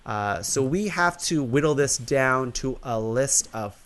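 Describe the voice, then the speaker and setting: A man's voice: medium pitch, animated, measured pace, fairly bright tone. A man hosting a comedy podcast, playful and jokey, laughing often between remarks. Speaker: podcast host. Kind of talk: casual comedic chat.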